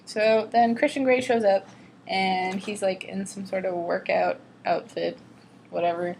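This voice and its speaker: Speaking unhurriedly in a steady, creaky, slightly mellow medium-pitched voice, a young vlogger reads a novel aloud to her camera. She openly mocks the book, sighs in exasperation at the writing, and performs passages with over-the-top drama. A faint hiss runs underneath.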